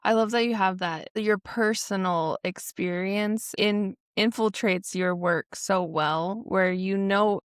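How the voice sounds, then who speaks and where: A woman's voice: medium pitch, takes it slowly, few pauses, clean tone, no echo, clean studio sound. A woman hosting a podcast interview, speaking in a reflective, affirming way. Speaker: podcast host. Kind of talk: interview conversation.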